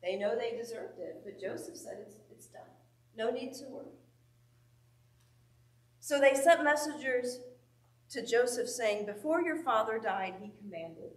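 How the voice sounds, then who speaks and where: A woman's voice: fairly high pitch, expressive, unhurried, pauses often. Emphatic woman teaching Bible study. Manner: emphatic, asks the group questions, reads scripture aloud. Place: church meeting room. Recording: echoey room, mic at a distance.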